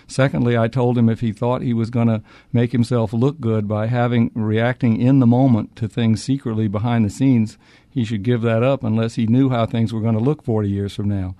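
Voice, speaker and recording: A man's voice: medium pitch, fairly even intonation, fairly quick, dark tone, no room sound. A man, an author answering interview questions with many restarts and fillers. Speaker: author and historian.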